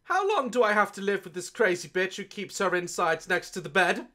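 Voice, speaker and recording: A man's voice: sits high, sing-song, a little fast. Sweary man mocking a TV show. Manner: loud, sweary, mocking, bursts of laughter. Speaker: reaction video host. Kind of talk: comedic reaction commentary.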